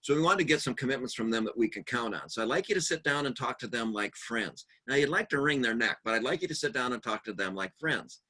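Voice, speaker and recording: A man giving a conference workshop talk, humorous and animated, telling stories and acting out the voices of the people he quotes. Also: medium pitch, fast, hardly any pauses, husky. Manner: lively, animated delivery. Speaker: seminar speaker.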